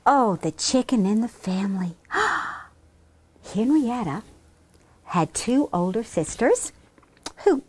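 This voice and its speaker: A woman reading a children's storybook aloud in a playful, animated way. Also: a little high, takes it slowly, pauses often, breathy edge. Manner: animated, playful, talks to puppet. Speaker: storybook reader.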